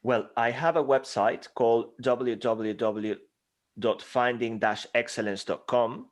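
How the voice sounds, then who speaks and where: A man's voice: mid-range voice, steady tone, measured pace. A man with a Spanish accent, a speaking coach talking energetically and emphatically as an interview guest. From Spain. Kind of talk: interview conversation.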